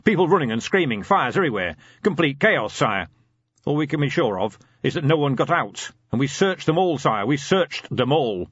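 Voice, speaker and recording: A man's voice: medium pitch, big pitch swings, normal speed, fairly bright tone, husky, dry recording, muffled recording, pitched above the performer's own voice. A man voicing a nervous male dwarf captain protesting to his king in an audiobook reading.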